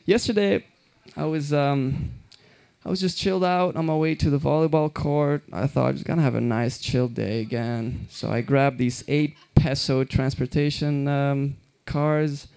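A man's voice: mid-range voice, steady tone, unhurried, gravelly, a little mellow, clean tone. A young man from Belgium telling stand-up stories in a loose, rambling way with lots of fillers and restarts. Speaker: stand-up comedian. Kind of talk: stand-up comedy storytelling.

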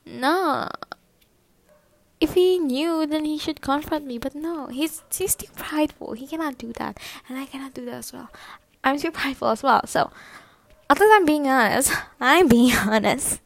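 A young woman with a fairly high voice tells a personal story in a loose, casual way. She swears a lot, fills gaps with fillers, and often sinks into a hushed whisper. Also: normal speed, creaky, a little hiss or hum.

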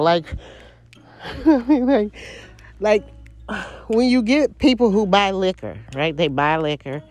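A woman's voice: fairly low pitch, darkish tone. Blunt, foul-mouthed woman ranting. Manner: blunt, heavily profane, rambling and repetitive. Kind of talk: casual monologue rant.

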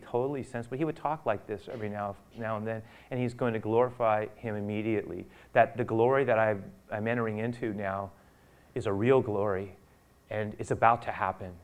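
Man, pastor, sermon, hushed to booming, acts out quotes. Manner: dramatic swings from loud urgent peaks to hushed near-whisper; acts out quotes of biblical figures.

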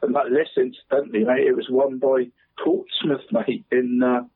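A man calls in to chat about local football. He has a husky voice and tacks "mate" onto nearly every phrase, chuckling as he goes. He is heard over a tinny, dry phone line. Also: mid-range voice, little pitch movement, moderate pace, no echo. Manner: chatty, says "mate" constantly, chuckles often. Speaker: football pundit on local radio.

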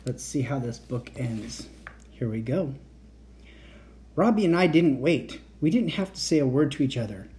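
A man's voice: mid-range voice, expressive, moderate pace, mellow. A man reading a children's book aloud, narrating the story expressively and acting out the dialogue. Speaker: reader of children's books.

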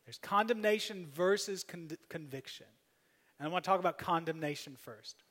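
A man preaching a sermon as pastor, emphatic, swinging between loud appeals and soft, quiet asides. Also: high voice, normal speed. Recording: long hall reverb.

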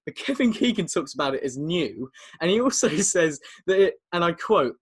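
A young man co-hosts a relaxed sports podcast from a video call. He talks in a chatty, teasing way and laughs often. His voice sits a little high. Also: moderate pace, slightly rough. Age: young adult. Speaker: podcast co-host. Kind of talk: casual football podcast chat.

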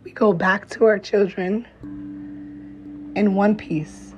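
This young mother's vlog is a heartfelt talk to camera, encouraging but blunt and full of profanity, delivered slowly and with emphasis. Her voice is medium-pitched and darkish with fairly even intonation, over a slightly dull lo-fi recording that has a little hiss or hum and faint music.

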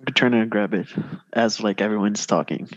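Man, tabletop player, casual, halting, fillers, slightly dull lo-fi mic. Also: on the low side, a little hiss or hum. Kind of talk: casual chat.

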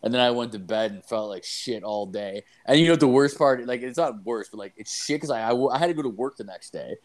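A man's voice: medium pitch, fast talker. A young man telling a crude story in casual chat, swearing constantly and rambling as he acts out what people said. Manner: profane, rambling, acts out quotes.

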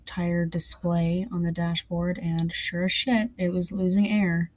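Young woman, low-pitched voice, chatty storyteller, casual podcast talk, swears freely. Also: level tone, measured pace. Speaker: podcast co-host. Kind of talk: casual chat.

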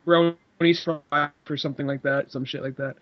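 A man's voice: medium pitch, steady tone, moderate pace, muffled recording. A man co-hosting a podcast over a video call, rambling casually and swearing freely. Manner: rambling and profane. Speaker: podcast co-host. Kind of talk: casual chat.

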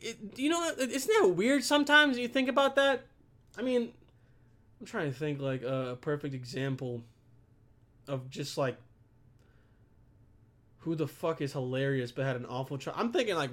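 A man's voice: a little high, lively intonation, normal speed, long pauses, fairly bright tone. A young man venting to his camera in a rambling, profane rant, filmed on a camera set on his computer. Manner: profane, rambling, swears constantly. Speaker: vlogger.

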